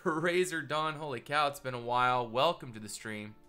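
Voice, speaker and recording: A man's voice: mid-range voice, moderate pace, bright, forceful tone, smooth, faint music behind. A man live-streaming a building session, chatting casually with viewers and greeting them by name, his voice nasal and congested from a cold.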